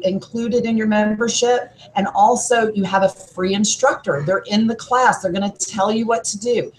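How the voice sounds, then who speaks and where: A woman's voice: medium pitch, slight background noise, low-quality recording. A woman who works as a gym trainer, a podcast guest giving upbeat, coach-like workout advice.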